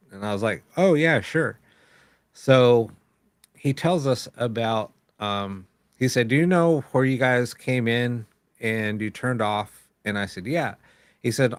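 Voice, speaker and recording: A man's voice: fairly low pitch, dry recording. A man hosting a live paranormal show, telling a long story in casual chat, rambling with many fillers and acting out quoted lines.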